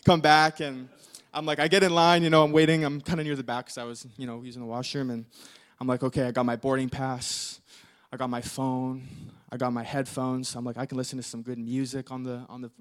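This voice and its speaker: A man's voice: mid-range voice, little pitch movement, brisk. A young male pastor preaching a sermon, telling a story in a casual, rambling way full of fillers.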